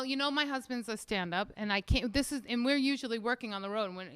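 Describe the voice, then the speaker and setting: A woman comic rambles through a brassy stand-up bit with a high, bright voice. Her delivery is loud and punchy. The sound is close and dry. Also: clear, resonant tone, no room sound. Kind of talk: stand-up set. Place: show stage without audience.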